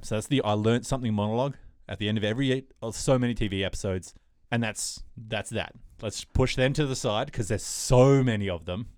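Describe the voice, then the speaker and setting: A man's voice: on the low side, fairly quick, a little mellow, dry recording, studio quality. A man co-hosting a podcast in a casual chat, rambling with lots of fillers as he retells TV scenes. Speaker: podcast co-host.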